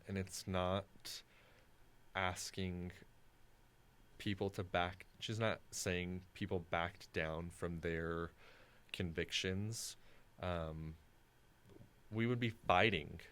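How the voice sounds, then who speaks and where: A young man co-hosting a casual discussion podcast, talking in a thoughtful, halting way with many pauses. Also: low-pitched, fairly even intonation, fairly bright tone, clear, resonant tone. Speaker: co-host.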